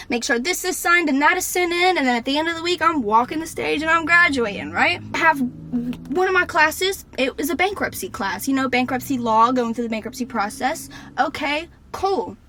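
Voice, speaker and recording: Bright high-voiced young woman ranting. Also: lively intonation, normal speed, slight background noise. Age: 20s. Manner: fired-up, ranting, swearing, shouting at times. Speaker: vlogger. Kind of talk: unscripted rant to camera. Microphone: camera mic.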